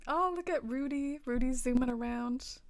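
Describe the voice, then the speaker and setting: A woman's voice: high voice, moderate pace. A woman from the American South with a light twang, chatting casually on a game stream, reading viewer comments and giggling often between filler-heavy sentences.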